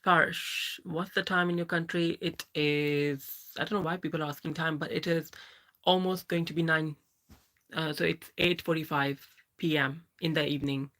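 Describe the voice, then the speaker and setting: Trans woman, 30s, livestream host; bright, sharp tone; reads chat and greets viewers with halting restarts. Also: low-pitched, steady tone. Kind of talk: live Q&A reading viewer comments.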